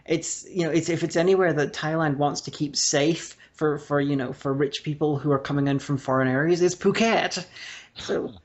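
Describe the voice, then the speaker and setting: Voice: medium pitch, steady tone, normal speed. Hesitant speaker on a dull lo-fi podcast recording. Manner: hesitant, many restarts and fillers. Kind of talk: casual film discussion. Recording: dull lo-fi audio.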